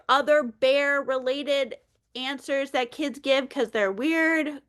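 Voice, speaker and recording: A middle-aged woman leading a teacher workshop, playful and animated, often slipping into a lively voice aimed at young children. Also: high-pitched, normal speed. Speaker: early childhood educator leading a webinar.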